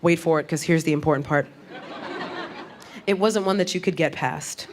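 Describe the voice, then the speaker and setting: A woman's voice: sits low, moderate pace. A woman performing stand-up comedy on stage, talking chattily with the crowd and asking it questions. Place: comedy stage before a live audience. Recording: live stage recording with audience laughter and noise.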